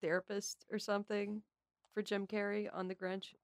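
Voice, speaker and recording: A woman's voice: mid-range voice, flat delivery, moderate pace, dry recording, clean studio sound. A woman guesting on a podcast, candid and laughing in casual chat, often trailing off.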